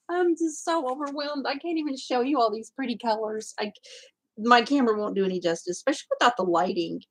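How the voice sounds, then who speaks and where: A woman's voice: mid-range voice, breathy edge, poor audio. A woman hosting her crafting channel, unboxing a gift and chatting, gushing and exclaiming, often choked up and close to tears. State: tearful, choked up. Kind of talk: casual vlog unboxing chat.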